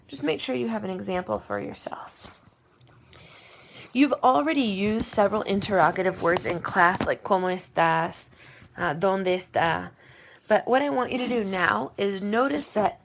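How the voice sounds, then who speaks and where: Teacher lady going through a lesson, kinda gravelly voice, slows down for examples, dull lo-fi sound. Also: medium pitch, a little hiss or hum. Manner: patient and explanatory, slowing down on examples. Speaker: Spanish teacher. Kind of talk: recorded classroom lesson. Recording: dull lo-fi recording.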